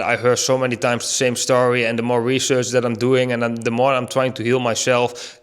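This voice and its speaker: A man of middle pitch talks straight to his listeners in a reflective personal monologue. He is earnest and thinks aloud, with restarts and rhetorical questions. He drags out the words he wants to land. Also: a bit bright. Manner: earnest, slows down to stress key words. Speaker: vlogger.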